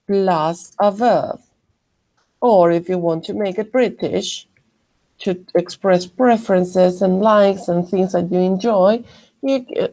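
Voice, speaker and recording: Slow, gravelly-voiced woman teacher. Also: mid-range voice, dark tone. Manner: slow, careful explanations with frequent self-corrections. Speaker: English teacher. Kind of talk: online grammar lesson.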